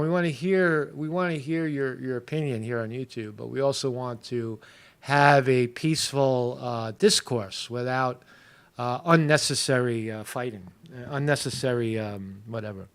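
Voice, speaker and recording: A man's voice: mid-range voice, moderate pace, smooth. A man hosting a casual morning livestream, rambling loosely with many fillers and restarts and greeting viewers in the chat by name. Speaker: livestream host.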